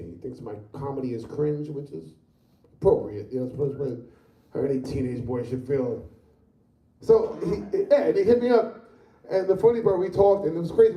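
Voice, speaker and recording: A man's voice: fairly high pitch, mellow, echoey room, distant mic. Profane fifty-year-old man doing stand-up. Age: 50s. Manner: profane, rambling, conversational. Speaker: stand-up comedian. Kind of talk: stand-up comedy set.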